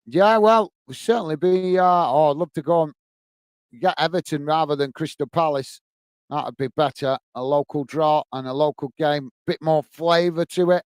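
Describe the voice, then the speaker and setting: Male streamer, smooth voice, casual and chatty, quick to grumble, dry close mic. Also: a little high, no echo. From England. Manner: chatty, easily frustrated, thanks viewers by name. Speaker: football channel host. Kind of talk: live match watch-along, reading out chat.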